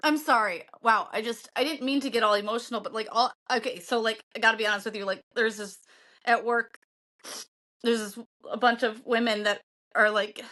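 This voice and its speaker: Heartfelt lady podcast cohost, highish voice, earnest and a bit defiant. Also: fairly even intonation, brisk, bright, forceful tone. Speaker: podcast co-host. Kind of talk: casual chat.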